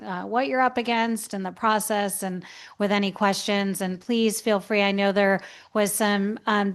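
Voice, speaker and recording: Smooth-voiced woman chairing a hearing. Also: medium pitch, no echo, studio quality. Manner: courteous, procedural. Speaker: committee chair.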